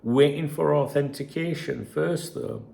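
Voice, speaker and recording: Bloke running his footy channel, gravelly voice, swears a lot, goes off on tangents. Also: a little high, a little slow, warm tone, slight background noise. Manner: chatty, sweary, rambling asides to viewers. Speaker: football channel host. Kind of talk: casual solo commentary reading messages.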